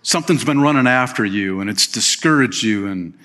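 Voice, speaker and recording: Man preaching a lively sermon. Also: lowish voice, a little fast. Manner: reads scripture aloud and comments with lively emphasis; folksy, uses fillers and plain phrases. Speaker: pastor.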